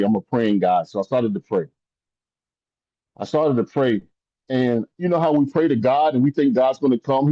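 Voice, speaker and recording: A man giving an impassioned motivational talk, preacher-like, repeating phrases and rising to high emphatic peaks. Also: no echo, highs cut off. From rural upbringing. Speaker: motivational speaker.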